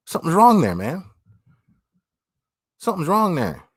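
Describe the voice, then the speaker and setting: A man's voice: mid-range voice, sing-song, measured pace, husky, no room sound, clean studio sound. A man hosting a livestream, talking bluntly and opinionated, swearing and repeating phrases as he reads chat. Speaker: livestream host.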